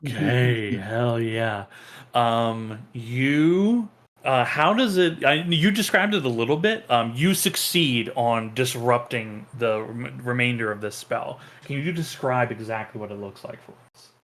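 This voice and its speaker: Guy running a tabletop game, lots of ums and uhs, mid pitch. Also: a bit bright. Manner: halting, many ums and uhs. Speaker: game master.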